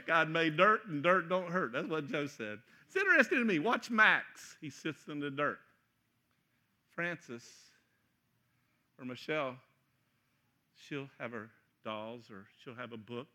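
A middle-aged man preaches with big swings in pitch. His voice sits high and sounds tense, and he jokes and acts out voices, sometimes shouting. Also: slow pace. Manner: animated, joking, acts out voices with loud shouts. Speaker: pastor. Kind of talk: sermon.

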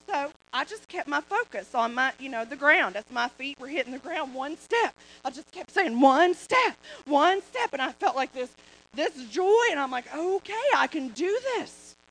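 A woman preacher telling a personal story to a congregation with animated, repetitive storytelling. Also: high voice, normal speed, low-quality recording. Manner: animated storytelling, repeats phrases. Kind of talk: sermon testimony.

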